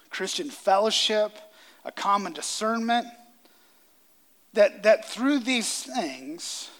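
A man's voice: sits high, a bit bright. A man preaching a sermon as pastor to a congregation in a church, earnest and repeating phrases for emphasis. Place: church sanctuary before a congregation. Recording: reverberant hall sound.

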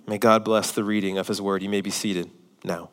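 A man in his thirties, a pastor preaching a sermon with humorous storytelling and lively shifts in loudness. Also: fairly low pitch, a little fast. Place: church hall. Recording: reverberant church hall.

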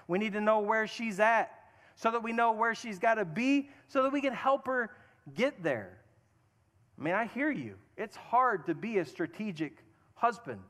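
A man's voice: high-pitched, fairly bright tone. A man preaching a sermon to husbands, earnest and self-deprecating, acting out little asides. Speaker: pastor. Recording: long hall reverb.

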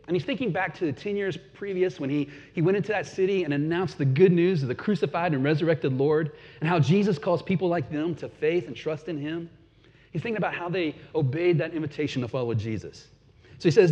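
A man preaching a sermon in a relaxed, conversational way, chuckling now and then and sometimes repeating words. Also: on the high side, brisk. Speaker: pastor. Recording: dull lo-fi sound with long hall reverb.

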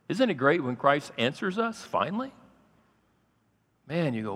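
A man pastor preaching a sermon, swinging from loud, raised passages to quiet asides. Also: a little high, very animated, unhurried, gravelly, pauses often, husky, in a large hall.

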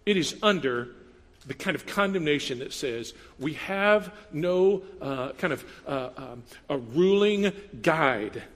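A man preaching a sermon in a conversational, animated way, with playful asides and quoted voices. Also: a little high, takes it slowly, long reverb tail. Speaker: pastor.

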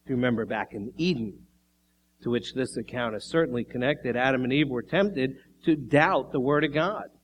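A man preaching a sermon with measured delivery, pressing his points with rising emphasis, with a few coughs along the way. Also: medium pitch, slight background noise, low-quality recording. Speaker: pastor.

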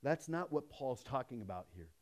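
A man preaching a sermon in a conversational way, swinging between emphatic raised passages and hushed storytelling. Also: mid-range voice, lively intonation, moderate pace. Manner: conversational, with restarts and asides. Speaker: pastor.

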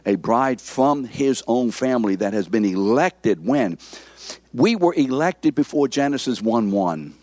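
Slow, emphatic male pastor, dry close sound, repeats points and asks for amens. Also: mid-range voice, animated, darkish tone, no room sound. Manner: emphatic, repetitive, calls for amens. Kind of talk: sermon.

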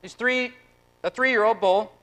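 A man in his thirties preaching a lively, conversational sermon, acting out quotes and turning quiet and tender at personal moments. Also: high-pitched, unhurried, rough recording. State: close to tears. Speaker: pastor.

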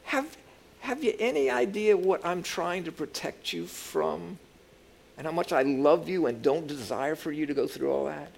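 A man's voice: fairly high pitch, moderate pace, gravelly. A man voicing God as a patient, loving figure who earnestly questions a person. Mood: pleading.

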